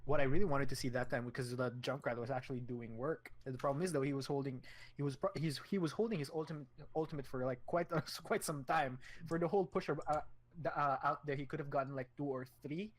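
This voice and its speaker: A man's voice: mid-range voice, fast talker. A man giving loose, rambling color commentary on an esports match, with frequent restarts.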